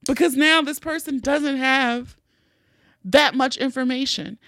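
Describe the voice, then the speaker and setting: Woman podcast host, somewhat high voice, dry close sound, candid and profane, animated storytelling. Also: unhurried, dry recording. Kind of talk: casual storytelling.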